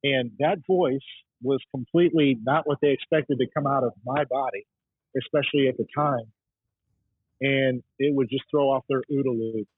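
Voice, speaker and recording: A man's voice: medium pitch, steady tone, moderate pace, slightly rough, dry recording. A man who works as a diver, telling rambling casual stories as a podcast guest, with lots of fillers and restarts. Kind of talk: casual storytelling chat. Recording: tinny phone-like line, dry.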